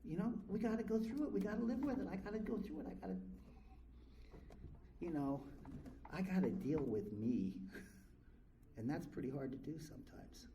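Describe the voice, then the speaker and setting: A man's voice: high-pitched, animated, normal speed, pauses often, mellow, a little hiss or hum, low-quality recording. Blunt, profane man telling his story. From California. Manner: blunt and profane, frank about himself. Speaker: recovery meeting speaker. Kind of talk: candid storytelling to a live audience. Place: convention meeting room.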